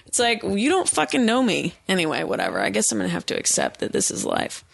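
A woman hosting a podcast in casual chat, animated and quick to laugh, with lots of fillers, recorded in a hot studio. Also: medium pitch, gravelly, husky. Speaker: podcast host.

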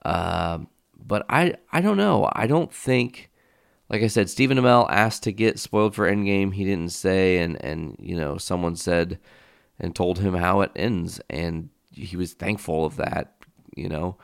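Low-voiced, smooth male podcast host. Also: unhurried, dry recording, studio quality. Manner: rambling, enthusiastic riffing with fillers; casual swearing. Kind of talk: casual solo podcast talk.

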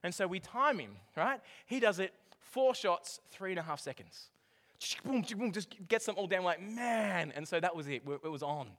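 A man preaching a sermon, telling a story with lively swings from hushed to loud. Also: high voice, normal speed. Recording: long hall reverb with faint music.

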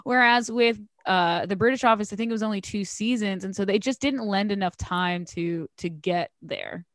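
A woman of middling pitch talks casually and expressively, leaping higher when she imitates others and dropping soft at the ends of thoughts. She is recorded close and dry, with no room echo. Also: normal speed. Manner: expressive, jumps up in pitch for quoted voices, trails off softly. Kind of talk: casual chat about TV shows.

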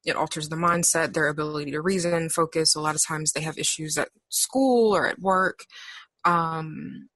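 Low-voiced woman therapist explaining calmly. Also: no echo. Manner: measured, explanatory, frequent pauses. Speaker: therapist, interview guest. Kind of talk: professional conversation.

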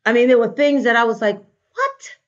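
Animated woman telling a story. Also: fairly high pitch, quick pace. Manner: animated, acts out quoted voices. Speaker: guest, life coach and trainer. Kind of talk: casual interview storytelling. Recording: dull lo-fi recording.

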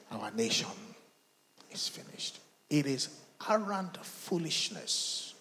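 A man's voice: on the high side, sharp tone. A man preaching a sermon as pastor, dramatic and emphatic, calling the congregation to respond. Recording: reverberant church hall.

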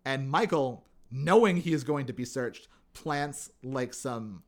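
A man's voice: medium pitch, slow. A man co-hosting a podcast, casually recapping a TV episode and acting out the characters' lines in funny voices. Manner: animated retelling, acts out quotes in funny voices. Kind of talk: casual chat.

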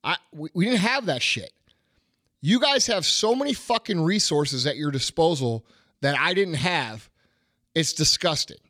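A man's voice: on the high side, expressive, measured pace, pushed and bright, no room sound, clean studio sound. A middle-aged man hosting a podcast, delivering a blunt, profane motivational rant with heavy repetition. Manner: blunt, emphatic, swearing, repeats phrases. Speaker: podcast host.

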